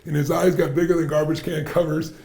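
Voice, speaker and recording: A man as a podcast guest, telling stories in an animated, emphatic way and repeating phrases for effect. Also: on the high side, fast talker. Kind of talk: animated storytelling in conversation. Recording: roomy echo.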